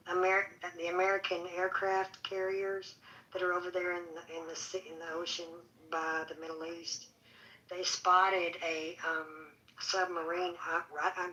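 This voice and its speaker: A woman's voice: on the low side, flat delivery, normal speed, pushed and bright, dull audio. A woman calling into a livestream discussion, speaking hesitantly with many ums.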